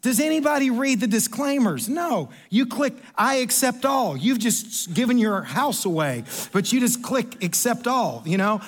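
A man's voice: very high-pitched, big pitch swings, normal speed, few pauses. A man telling a rambling, self-deprecating story in a sermon.

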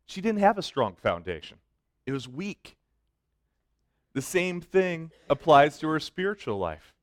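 A man's voice: on the high side, sing-song, measured pace, no room sound, studio quality. A middle-aged man preaching a sermon as a youth pastor, mixing emphatic points with self-joking stories. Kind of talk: sermon with storytelling.

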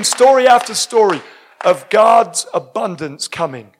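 Exuberant high-voiced male preacher. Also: moderate pace, some chatter behind, a little hiss or hum. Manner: exuberant, shouting at peaks. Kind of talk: sermon with storytelling.

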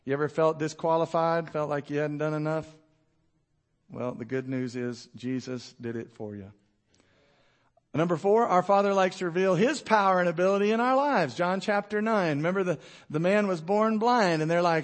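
A man preaching with a high, bright voice and a lively delivery. He acts out Bible characters in quick voices, then drops low and quiet to drive a point home. It is a pastor's sermon to his congregation.

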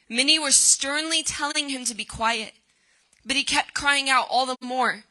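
A woman's voice: high-pitched, fairly even intonation, normal speed, pushed and bright, rough recording. A woman preaching a sermon, reading scripture aloud and then retelling it with dramatic cries.

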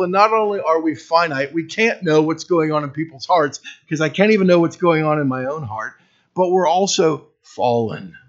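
A man preaching a sermon as pastor, earnest and building to emphatic peaks, with wry self-deprecating humor. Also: fairly high pitch. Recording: dull lo-fi recording.

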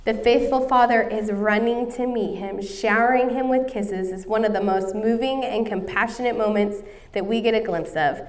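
A woman's voice: on the high side, normal speed, few pauses, recorded from a distance. A woman in her thirties preaching a sermon, telling a personal story in an earnest way. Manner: earnest, storytelling, coughing now and then.

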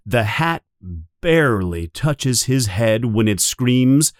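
A man narrating a storybook in an expressive reading manner, jumping high for characters' calls. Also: slow pace, no echo, studio quality.

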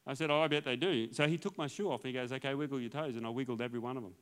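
A man's voice: mid-range voice, very fast, clean tone. A male pastor telling his healing testimony as a sermon, acting out the dialogue in a storytelling way and laughing often.

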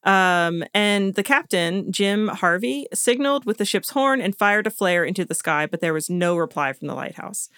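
A woman's voice: medium pitch, expressive, normal speed, few pauses, fairly bright tone, smooth, no echo, studio quality. A woman co-hosting a podcast, casually retelling a story, often laughing and stumbling over names. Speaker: podcast co-host telling the story. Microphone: podcast studio mic.

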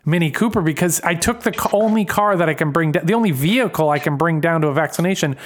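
A man with a slightly higher-than-average voice spins a comic story on a podcast. He rambles and mocks himself, stringing thoughts together with endless "like"s and false starts. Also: fast talker. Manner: rambling, self-mocking, full of "like". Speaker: podcast host.

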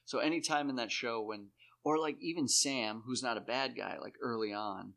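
A man talking in rambling, profane casual chat, jumping into high put-on voices to act out scenes. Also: normal speed, gravelly. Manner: animated, acts out characters in high put-on voices. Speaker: podcast co-host.

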